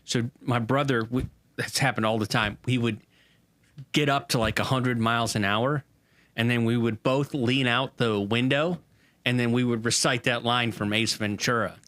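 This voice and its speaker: A man co-hosting a sports podcast, telling a rambling story full of pauses and fillers. His voice has a bright, forward edge. The recording is dry and close. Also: medium pitch, steady tone, no echo. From Southern United States. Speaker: podcast co-host. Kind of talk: casual sports podcast banter.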